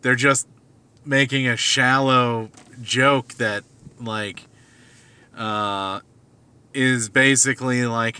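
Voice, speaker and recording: Man, mid pitch, crisp and bright tone; musing hesitantly in a loose after-work ramble from the car. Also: steady tone, drawn-out words, pauses often. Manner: hesitant, many fillers and restarts. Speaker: vlogger. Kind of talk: rambling casual monologue. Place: car at night.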